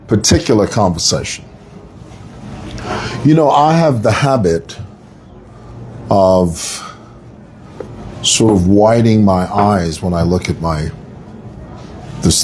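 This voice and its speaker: A man's voice: fairly low pitch, a little mellow, a little hiss or hum. A man hosting a live online show, talking in a chatty, playful, rambling way. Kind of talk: live-stream commentary. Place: city workplace.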